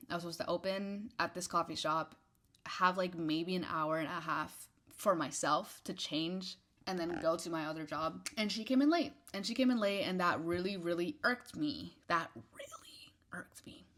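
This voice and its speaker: A young woman casually telling a storytime, animated and petty, acting out quotes and dropping to whispered asides. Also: fairly low pitch, normal speed. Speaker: vlogger.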